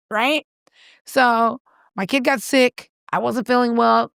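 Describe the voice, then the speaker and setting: A woman in her thirties co-hosting a casual chat, telling a lively story and acting out the voices. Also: on the high side, takes it slowly, gravelly, smooth, no echo, clean studio sound. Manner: animated storyteller, acts out voices and cries. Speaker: podcast co-host.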